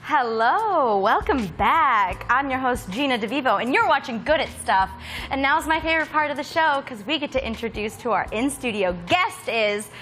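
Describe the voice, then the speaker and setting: A woman hosting a studio craft show, playful and giggly in quick banter. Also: high voice, animated, fairly bright tone, soft background music. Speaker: host.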